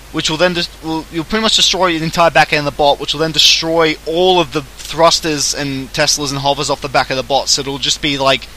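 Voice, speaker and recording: A man's voice: a little high, bright, forceful tone, slight background noise, poor audio. An Australian man hosting a casual gaming livestream, jokey, self-mocking and theatrical. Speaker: streamer host.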